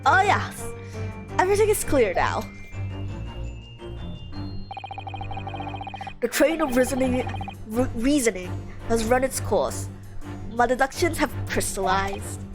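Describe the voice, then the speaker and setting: Pompous eccentric gentleman sleuth in a game, put-on English accent, lowered and grandly drawn out, as a woman streamer voices him; game music under it. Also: big pitch swings. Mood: smug. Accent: attempted English. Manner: grandiose, theatrical, deliberate. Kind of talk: voicing game dialogue on a live stream.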